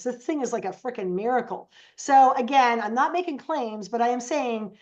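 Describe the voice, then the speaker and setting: On a dull, lo-fi recording, a woman guesting on a podcast shares casual stories, animated and fairly quick with hardly any pauses. Her voice sits a little high, and she mimics the people she quotes.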